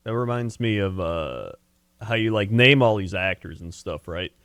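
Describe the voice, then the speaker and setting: Lively teasing man on a podcast. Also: fairly low pitch, normal speed, smooth, dry recording, studio quality. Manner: teasing, laughs often. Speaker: podcast co-host. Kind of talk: casual chat.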